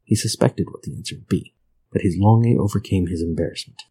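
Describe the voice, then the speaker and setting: Deep husky male storyteller. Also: dark tone, poor audio. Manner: measured, grave storytelling. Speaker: narrator. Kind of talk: dark folk tale reading.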